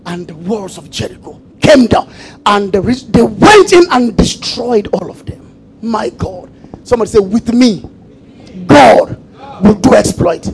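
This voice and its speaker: A man preaching a sermon, repeating phrases and calling for the congregation to answer, shifting between shouts and quiet asides. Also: high voice, lively intonation, measured pace, creaky, breathy edge, low-quality recording. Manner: emphatic call-and-response preaching with repetition.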